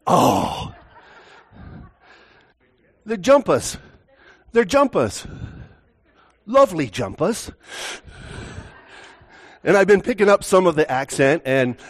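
A male pastor opening a sermon in a church, joking and chatting with the congregation before the teaching. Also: mid-range voice. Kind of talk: relaxed sermon with banter.

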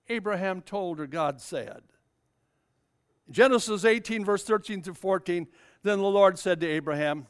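A man's voice: sits high, measured pace, long pauses, clear, resonant tone. An older man preaching a sermon, telling a Bible story and rising to fervent emphasis.

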